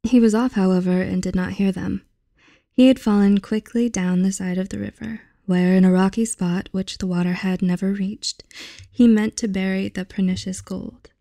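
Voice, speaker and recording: A young woman hosting her channel, reading a fairy tale aloud in a soft, unhurried voice that often drops to a half-whisper. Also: mid-range voice, steady tone, vocal fry, dry recording, studio quality.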